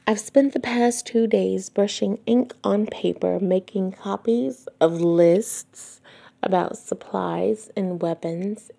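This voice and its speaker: Podcast reader, woman, slow and gravelly, wet mouth sounds, casual home recording. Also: medium pitch, warm tone. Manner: stops to correct misreadings and chats between passages. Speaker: podcast host reading a book aloud. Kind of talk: casual read-aloud of a novel with asides. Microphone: home recording, not studio-soundproofed.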